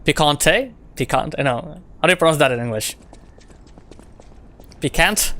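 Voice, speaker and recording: A man streams a game and chats with his viewers. His voice sits at an ordinary middle pitch. He rambles, repeats phrases and fills the gaps with filler words. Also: fast, fairly bright tone. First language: French. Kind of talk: casual stream chat with viewers.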